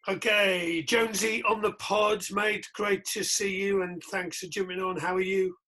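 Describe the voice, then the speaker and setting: A male podcast host speaks over a remote call from a spare bedroom at home. His voice sits a little high and sounds bright but husky. He talks in a chatty way and keeps tripping over and restarting his sentences. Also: level tone, unhurried. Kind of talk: casual podcast interview.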